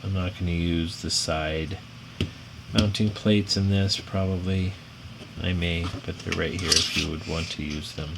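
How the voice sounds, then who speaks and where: Rambling middle-aged American builder, lowish voice. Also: male voice, fairly even intonation, unhurried, gravelly. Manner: rambling, self-deprecating, apologetic, growls when frustrated. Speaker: drone builder reviewing a frame. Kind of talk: casual build tutorial chat. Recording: audible background noise.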